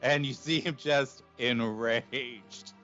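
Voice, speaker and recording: Man, game master, slow narration, fillers, muffled stream audio, faint background music. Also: mid-range voice, steady tone, sharp tone. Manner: unhurried, with fillers and laughs.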